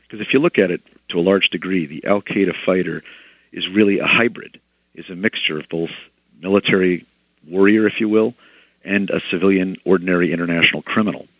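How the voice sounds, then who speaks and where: A male author, a guest on a radio show, explaining a legal proposal in a measured, methodical way. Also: deep voice, no echo. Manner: measured, explanatory, policy-wonk phrasing. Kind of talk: radio interview. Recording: dull lo-fi radio sound.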